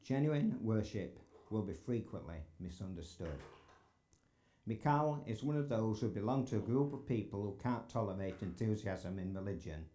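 A man with a low, mellow voice delivers a sermon from the pulpit of a church sanctuary. He speaks earnestly and builds to emphatic peaks when he stresses a point. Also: expressive, normal speed. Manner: earnest, rising to emphatic exclamations. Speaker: preacher.

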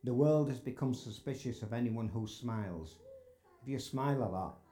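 A man's voice: medium pitch, moderate pace, mellow. A man preaching a sermon in a church sanctuary, earnest and building to emphatic exclamations.

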